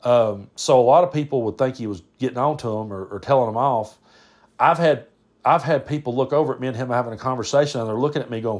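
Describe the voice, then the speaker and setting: Speaking fast in a mid-range voice, a male podcast host rambles through a casual storytelling monologue, often repeating words and starting over.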